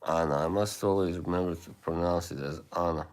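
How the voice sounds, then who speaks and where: A man hosting a livestream, chatting casually with viewers in a rambling, hesitant way with many fillers and soft laughs. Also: sits low, fairly even intonation, fairly quick. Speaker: livestream host.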